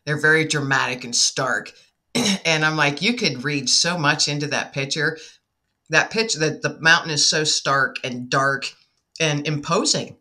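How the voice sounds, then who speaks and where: A middle-aged woman with a bright, forceful voice, chatting on a call. She tells her stories with animated energy and acts out the quotes in them. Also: sits low, a little slow. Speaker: podcast guest. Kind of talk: casual conversation.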